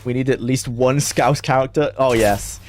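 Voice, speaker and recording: A man's voice: medium pitch, fairly even intonation, moderate pace, darkish tone, a little hiss or hum. A young man chatting casually on a game stream, laughing often and talking to his chat.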